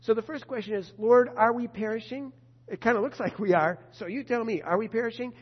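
A man preaching a sermon in a conversational way, asking rhetorical questions with animated swings in loudness. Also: high-pitched, quick pace, husky. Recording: muffled lo-fi recording in reverberant hall.

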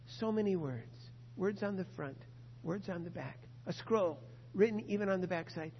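Male preacher, high voice, earnest, drawn-out emphasis, muffled recording. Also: husky. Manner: earnest, slow and emphatic, stretching key words. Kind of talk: sermon with a read-aloud story. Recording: muffled sound in a reverberant hall.

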